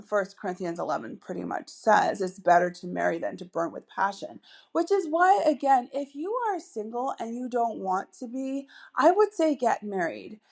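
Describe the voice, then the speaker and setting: A woman's voice: a little high, darkish tone. A woman hosting a solo podcast as a dating coach, chatty and upbeat, with many asides and fillers.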